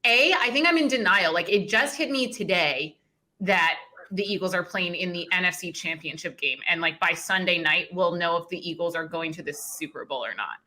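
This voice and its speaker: A woman appearing as a guest on a sports talk show, chatty and quick to laugh. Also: fairly low pitch, expressive, bright, forceful tone.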